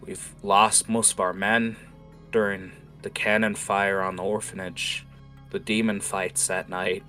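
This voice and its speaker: A man's voice: deep voice, level tone, unhurried, pushed and bright, faint music behind. A man playing a weary, grim guard captain. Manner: blunt, worn-down, curses.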